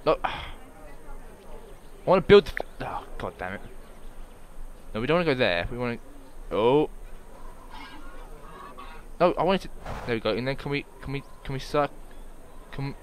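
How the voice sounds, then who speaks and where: A man narrating his own gameplay in an offhand, unscripted way, swinging his pitch up and down as his mood jumps. He is excitable and swears freely, talking to himself as he builds. A faint hiss of noise sits under his voice. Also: moderate pace, long pauses. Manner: excitable, swears often, talks to himself while playing. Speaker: gameplay commentator. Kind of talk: casual let's-play commentary.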